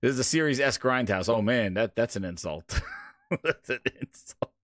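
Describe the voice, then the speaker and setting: A man's voice: medium pitch, animated, normal speed, a bit bright, dry recording, studio quality. A man hosting a gaming live stream, flustered and rambling with laughs as his audio keeps failing, talking into a home streaming microphone. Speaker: show host. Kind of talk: live-stream casual chat.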